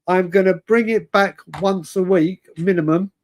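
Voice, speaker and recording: Casual male stream host, fairly high pitched, chatty and rambling. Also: steady tone, normal speed. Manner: chatty, rambling, laughs often, calls viewers mate and brother. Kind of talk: casual live-stream fan chat.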